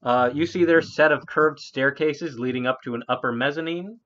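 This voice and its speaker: A woman's voice: low-pitched, normal speed, a bit bright. A woman narrating as game master in a casual, laughing, sometimes swearing way. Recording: muffled lo-fi audio.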